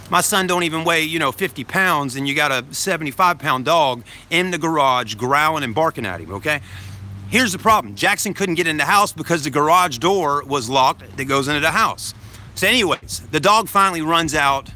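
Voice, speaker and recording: Bright-voiced dad rambling into phone. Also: male voice, fairly high pitch, a little hiss or hum. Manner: rambling, keeps adding "okay?". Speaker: vlogging dad. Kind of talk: casual storytelling to camera. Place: outdoors outside a grocery store. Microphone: phone held to self.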